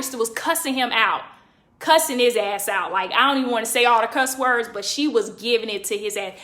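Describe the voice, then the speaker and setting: A high, bright woman telling a story on a livestream. She is animated and profane and leaps up in pitch when she acts out what people said. Her voice rings in an echoey room. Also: brisk. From California.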